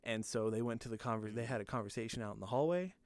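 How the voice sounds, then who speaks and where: A man's voice: lowish voice, racing, dry recording. A podcast co-host telling a long story in casual chat, rambling, swearing freely and laughing as he goes.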